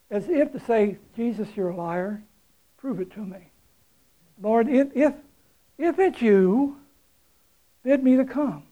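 A man's voice: very high voice, warm tone, low-quality recording. A man preaching a sermon, retelling a story in a folksy, conversational way with chuckles and emphatic repetition.

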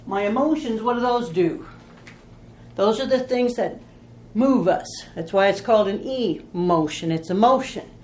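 A woman's voice: mid-range voice, a little slow, darkish tone, echoey room, a little hiss or hum. A woman teaching a Bible study in an informal, folksy way, telling stories and asking rhetorical questions.

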